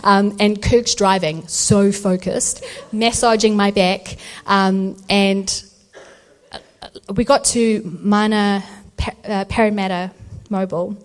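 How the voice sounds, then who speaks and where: A woman with a slow, mid-range voice shares her birth story as a testimony talk at a church event. She tells it in an animated way, voicing the other people in the story herself.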